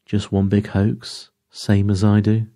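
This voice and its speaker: A man's voice: lowish voice, completely flat delivery, takes it slowly, warm tone, dry recording, studio quality, pitched above the performer's own voice. A man voicing a big, blustering male actor with a hearty, brash way of talking.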